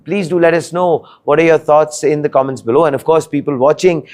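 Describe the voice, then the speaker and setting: A man's voice: fairly high pitch, darkish tone. Filler-heavy male show host. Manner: filler-heavy, drawn-out questions. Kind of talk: interview hosting.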